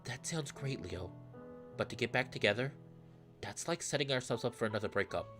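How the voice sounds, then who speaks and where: A man voicing a guarded young man, reading his lines and narration quietly and hesitantly. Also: medium pitch, expressive, fairly quick, pitched below the performer's own voice, natural voice. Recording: faint music underneath.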